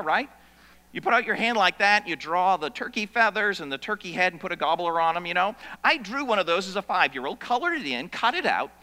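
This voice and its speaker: Guy preaching a sermon, high bright voice, big echoey church hall, goes loud then quiet. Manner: storytelling, swings from loud to hushed. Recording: long reverb of a large hall.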